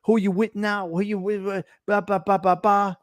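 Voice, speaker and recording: A man's voice: high-pitched, little pitch movement, no room sound, studio quality, voice pushed up, lightly acted. A man voicing a menacing, hot-tempered mob boss who curses and barks questions. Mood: demanding. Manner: cursing, barking rapid questions.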